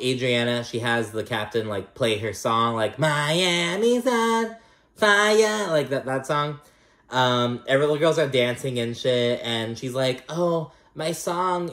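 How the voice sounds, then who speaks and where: A man recaps reality TV in a loose, gossipy way, cursing and filling gaps with "like" and "I don't know." His pitch sits in the middle. The room adds a noticeable echo. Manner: chatty, profane and sassy, many fillers.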